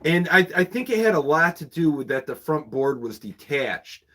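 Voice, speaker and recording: A man's voice: a little high, sing-song, moderate pace, a bit bright. A man who runs a used bookshop, chatting casually and at a rambling pace with viewers on a livestream, chuckling often.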